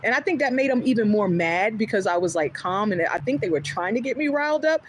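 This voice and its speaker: Talking fast in a mid-range voice, a woman hosting a livestream relays a story with quoted back-and-forth lines, laughing often. The recording is low quality, with a bit of hiss or hum.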